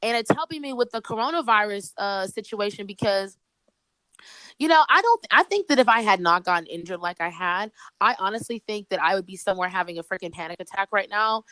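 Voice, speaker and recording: A woman comedian, a podcast guest speaking by phone, telling a story in an animated way with many restarts. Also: medium pitch, fairly quick, smooth, dry recording, low-quality recording. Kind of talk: casual chat.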